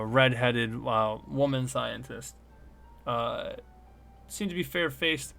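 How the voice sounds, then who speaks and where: A man's voice: mid-range voice, fairly bright tone. Man narrating a tabletop game. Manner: halting, many fillers. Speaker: game master.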